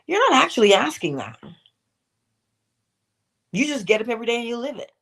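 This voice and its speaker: A woman's voice: a little high, sing-song, brisk, vocal fry, fairly bright tone. A middle-aged woman hosting a morning inspirational livestream, asking pointed questions and throwing in playful asides to herself. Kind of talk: motivational talk.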